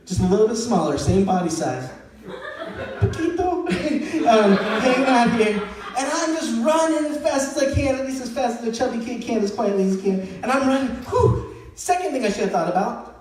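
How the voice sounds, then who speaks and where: Animated young man doing stand-up in echoey hall. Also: sits high. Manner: animated storytelling, acting out quotes in shifting voices. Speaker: stand-up comedian. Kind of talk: stand-up comedy set. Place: comedy venue with live audience. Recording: very echoey room, voice far from mic.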